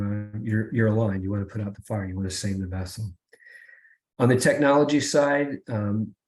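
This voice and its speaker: A middle-aged man giving a webinar presentation over a video call, pausing often with fillers and restarts. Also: fairly low pitch, darkish tone. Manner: halting, many fillers and restarts.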